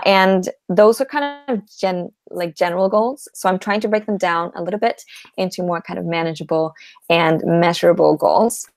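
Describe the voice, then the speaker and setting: A woman writer shares her plans on a live video panel, earnest and thoughtful, pausing on "uh". Her voice sits a little low and sounds dry and close to the mic. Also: dry recording. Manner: earnest, thoughtful, with soft laughs and "uh" pauses. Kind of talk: casual live video chat.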